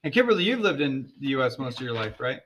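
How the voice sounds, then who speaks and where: A man's voice: mid-range voice, very animated, fast talker, a bit bright, slight background noise. A man, a teacher, hosting a casual class podcast and coaxing students with easygoing, chatty questions.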